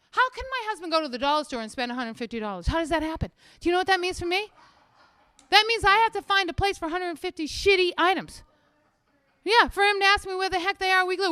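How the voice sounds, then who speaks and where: A woman's voice: very high voice, animated, fast talker, sharp tone, dry recording, studio quality. A woman doing a rambling, brassy stand-up set on a stage with no audience. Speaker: stand-up comic. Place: show stage without audience.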